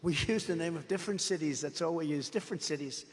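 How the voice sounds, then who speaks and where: A man's voice: fairly high pitch, fast, in a large hall. A man giving an off-the-cuff political rally speech, boastful and repetitive, telling rambling stories in a large indoor venue. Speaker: political speaker.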